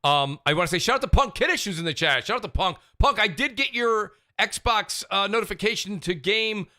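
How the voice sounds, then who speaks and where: A man hosting a casual gaming podcast in an animated, joking way. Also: high voice, a little fast, no echo, clean studio sound. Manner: animated, jokey, gives chat shout-outs. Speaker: podcast host.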